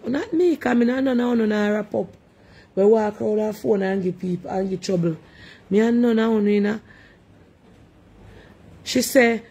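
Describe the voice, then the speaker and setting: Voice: medium pitch, creaky, warm tone, husky. A live-stream host with a Jamaican accent, casually chatting and sharply scolding commenters with repeated rhetorical questions.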